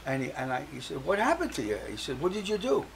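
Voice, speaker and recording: A man's voice: a little high, huge pitch swings, quick pace, creaky, slight background noise, rough recording. An older man, a guest on a talk show, telling his personal story and acting out the voices of the people he quotes.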